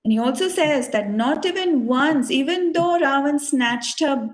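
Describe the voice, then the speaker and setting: A woman's voice: sits high, lively intonation, unhurried, low-quality recording. A woman teacher telling a sacred story to a children's class, earnest and full of fillers. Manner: earnest, with many fillers and restarts.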